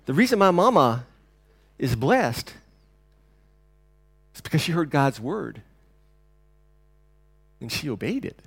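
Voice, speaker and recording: A man doing a gentle South Alabama drawl. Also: a little high, very animated, slow, pauses often, husky, dry recording, heavily acted.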